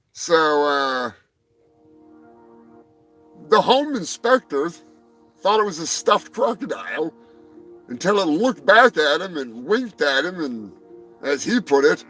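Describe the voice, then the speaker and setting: Guy ranting through weird animal news, cussing a lot, high bright voice, faint music behind. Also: low-quality recording. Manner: rambling, profane, jokey asides; swings between loud outbursts and muttered asides. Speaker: live stream host reading animal news. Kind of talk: profane comedic news rant.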